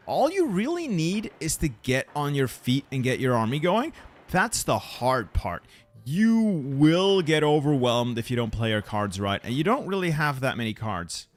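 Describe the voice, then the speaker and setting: A man giving casual commentary on his strategy game, chatting with viewers and muttering to himself as he plans. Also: medium pitch. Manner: chatty, answers viewers, mutters repeated words. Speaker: gaming channel host.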